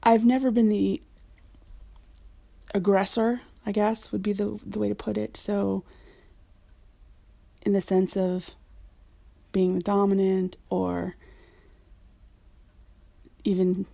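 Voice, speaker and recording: Casting: frank, chatty woman, mellow tone with a bit of vocal fry, dry close mic. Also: medium pitch, little pitch movement, takes it slowly, pauses often, no echo. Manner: chatty, frank, with frequent ums and laughs. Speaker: community member answering a questionnaire. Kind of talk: casual spoken questionnaire.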